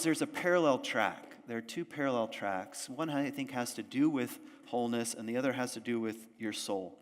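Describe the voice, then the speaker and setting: A male pastor giving a conversational sermon to a church audience, often asking them questions. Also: mid-range voice. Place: church sanctuary. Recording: long church reverb.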